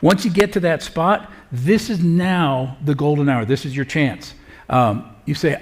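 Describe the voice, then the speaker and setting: A man's voice: fairly high pitch, animated, normal speed. A middle-aged man giving a live parenting talk to an audience, earnest and conversational, with frequent filler sounds. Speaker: parenting speaker.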